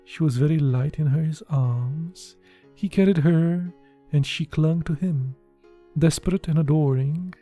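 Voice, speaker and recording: An audiobook narrator reading a literary novel in a measured, even way. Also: mid-range voice, faint music behind.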